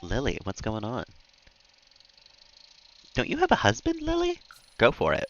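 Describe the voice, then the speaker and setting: A man's voice: medium pitch, wildly swooping pitch, unhurried, a bit bright, lo-fi sound. A man streaming a game, chatting casually with viewers, reading out their messages and laughing often. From United States. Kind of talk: casual chat with viewers while gaming.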